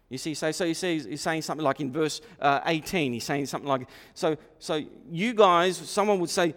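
A male preacher delivering a sermon with a somewhat high voice, animated and repetitive, acting out the voices he quotes. His words ring out with a long reverb from a large hall. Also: moderate pace, few pauses. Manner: animated, repeats himself, acts out quoted voices.

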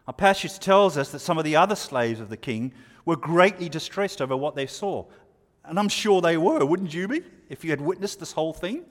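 A man preaching a sermon, explaining scripture verse by verse and asking the listeners rhetorical questions. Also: mid-range voice. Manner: expository, rhetorical questions, pauses. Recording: long reverb of a hall.

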